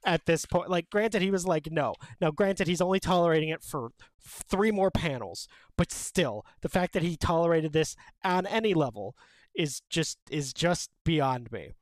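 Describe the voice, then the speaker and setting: Guy with a higher voice on a podcast, dry close mic, opinionated, says like a lot. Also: moderate pace, dry recording. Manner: animated, opinionated, many "like" fillers. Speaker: podcast co-host. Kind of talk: casual chat about a manga.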